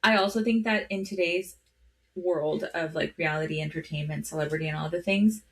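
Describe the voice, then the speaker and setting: A woman's voice: sits low, fairly quick. A woman co-hosting a podcast in casual chat, filling her talk with "like" and throwing in joking asides. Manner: chatty, joking asides, lots of "like". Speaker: podcast co-host.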